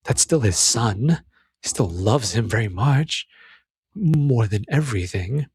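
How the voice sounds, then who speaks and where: Husky, earnest man talking film. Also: mid-range voice, animated, slow pace, a little mellow, no room sound, clean studio sound. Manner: earnest and emphatic, with many restarts. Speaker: film commentator. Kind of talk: casual film commentary monologue.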